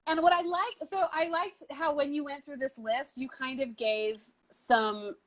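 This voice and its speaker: A woman's voice: high-pitched, fairly even intonation, measured pace, a bit bright. A woman hosting a live video interview, friendly and enthusiastic as she recaps and asks questions. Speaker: host.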